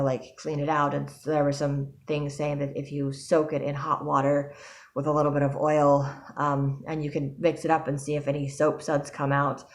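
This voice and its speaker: A woman's voice: deep voice, a little mellow. A young adult woman talking casually in a personal vlog, rambling with frequent ums and restarts. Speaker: vlogger.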